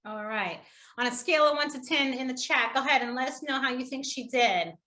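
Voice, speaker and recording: Brisk and forceful yet bright, this woman's high voice leads a live online public speaking workshop. As a trainer hosting the webinar, she keeps an upbeat, encouraging tone and laughs often with the people taking part.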